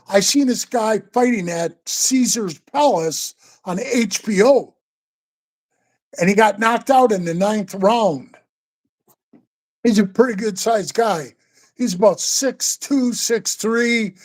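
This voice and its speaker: An older man in his sixties spins tall stories in a loose, casual chat. He swears freely and keeps calling the listener bro and man. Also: high voice. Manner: profane, animated, says bro and man a lot. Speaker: guest storyteller. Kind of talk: casual storytelling.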